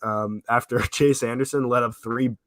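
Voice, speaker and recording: A sick, hoarse man co-hosting a sports podcast, rambling casually with lots of fillers. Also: mid-range voice, fairly even intonation, moderate pace, fairly bright tone, no room sound. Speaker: podcast co-host.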